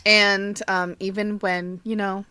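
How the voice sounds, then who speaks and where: A woman's voice: mid-range voice, little pitch movement, takes it slowly, bright, forceful tone, smooth, no room sound. A young woman co-hosting a podcast in casual chat, giggly and swearing freely. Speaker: podcast co-host.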